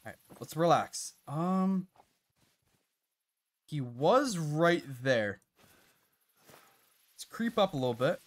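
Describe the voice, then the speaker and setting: A man streaming a hunting game live, chatting to viewers and reacting out loud to what happens on screen. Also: a little high, big pitch swings, takes it slowly, long pauses. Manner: chatty, reacts loudly with laughs and gasps. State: out of breath at times. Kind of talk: live gameplay commentary.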